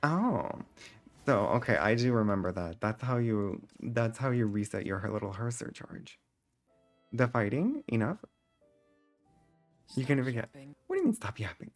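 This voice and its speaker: A sassy, theatrical man chatting with his live-stream audience while playing a game. His pitch sits in a middle range but shoots up sharply on indignant questions, and he drops low and quiet for mock scolding. Soft music plays faintly underneath. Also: very animated, moderate pace, pauses often. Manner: sassy, theatrical, calls chat divas; voice leaps high when exclaiming.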